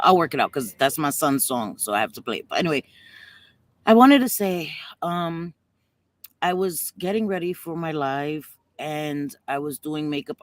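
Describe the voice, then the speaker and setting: A woman hosting a casual livestream, chatty and affectionate with viewers, at times fighting back tears. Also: deep voice. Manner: chatty, calls viewers sweetie pie. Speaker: livestream host.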